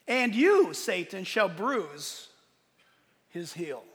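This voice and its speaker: A man preaching a sermon as a pastor, emphatic, asking rhetorical questions, with loud bursts of emphasis. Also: high-pitched, sing-song, extremely slow, big-room sound.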